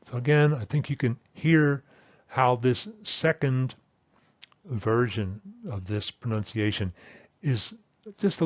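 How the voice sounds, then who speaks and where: A man teaching a language lesson, explaining patiently and repeating example words slowly and carefully. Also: medium pitch, no echo. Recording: dull lo-fi dry sound.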